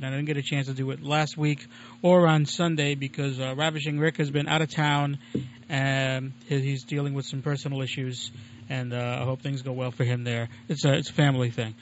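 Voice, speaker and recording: A man's voice: on the high side, a bit bright, a little hiss or hum. A man hosting his own home-made radio show, talking in a chatty, digressive, self-deprecating way. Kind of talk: casual rambling monologue. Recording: lo-fi muffled recording.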